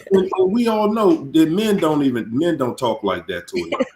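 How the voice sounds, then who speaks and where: Casting: lively, preachy male host with a swinging pitch, roomy echo. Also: normal speed. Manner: animated, preachy, repeats words. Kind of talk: casual live-stream chat.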